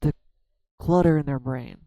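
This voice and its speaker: A man doing a solo tarot reading, talking slowly through his own fears and frustration with many restarts. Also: medium pitch, warm tone, no echo, muffled recording. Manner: halting, self-searching, many restarts. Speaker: tarot reader. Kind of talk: reflective solo tarot vlog.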